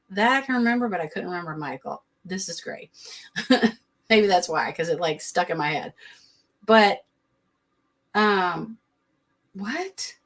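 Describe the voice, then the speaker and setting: Sassy woman recapping reality TV. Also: medium pitch. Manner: sassy, blunt, quick to laugh. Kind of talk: casual live-stream commentary.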